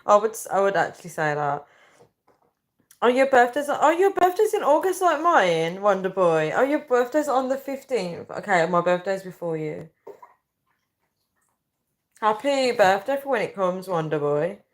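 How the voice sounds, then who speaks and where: A woman's voice: mid-range voice, big pitch swings, normal speed. A young woman chatting casually on a live stream, rambling and reading viewer comments aloud. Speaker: livestreamer.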